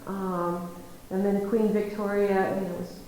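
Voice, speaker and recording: Lady giving a talk, super echoey hall sound, animated storyteller, laughs a lot. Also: medium pitch, a little slow. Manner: animated, acts out conversations, laughs easily. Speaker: lecturer. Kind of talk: storytelling lecture. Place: lecture room. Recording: very echoey room, faint noise.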